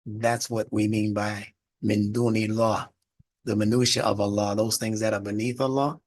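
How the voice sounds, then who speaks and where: A man's voice: on the low side, little pitch movement, moderate pace. A man teaching a religious studies class in a lecture, explaining word meanings and asking the class rhetorical questions.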